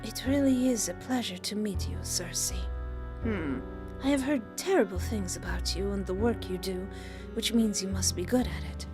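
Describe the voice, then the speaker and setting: A woman doing a tall, composed witch with a put-on French accent, who speaks in a smooth, formal, unhurried way. The voice sits at an ordinary pitch, and background music plays under it in a visual novel read aloud. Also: close to an everyday voice. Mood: cool, composed. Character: poised, tall female witch, coolly detached.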